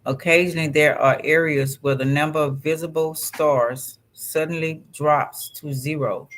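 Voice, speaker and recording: A man with a slightly high voice reads passages aloud in an unhurried way. He often breaks off into casual asides to his listener. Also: fairly even intonation, fairly bright tone, slight background noise. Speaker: vlog host. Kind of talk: reading astrology text aloud and chatting.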